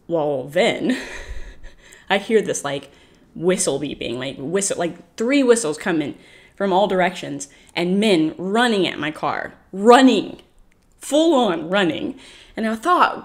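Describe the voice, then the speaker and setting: An American woman telling a travel story on a podcast in a casual, animated way, laughing often and acting out the people she quotes. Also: mid-range voice, unhurried.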